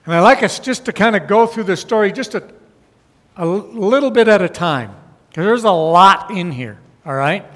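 A man's voice: high voice, lively intonation, normal speed, a bit bright, big-room sound. A man giving a conversational sermon as a pastor, often checking in with the congregation by asking "okay?" and "all right?". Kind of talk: sermon with Bible teaching.

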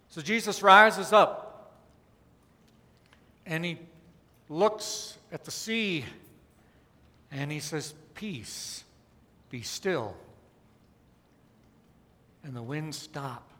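High, bright-voiced preacher in a reverberant hall. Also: male voice. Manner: conversational preaching with wry asides and dramatic pauses. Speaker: pastor. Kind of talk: sermon.

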